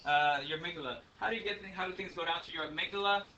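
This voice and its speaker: A man's voice: fairly high pitch, rapid-fire, sharp tone, muffled recording. A man teaching a math class, lecturing in a chatty, rambling way with many ums and uhs. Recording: faint room noise, speaker a bit far from the mic.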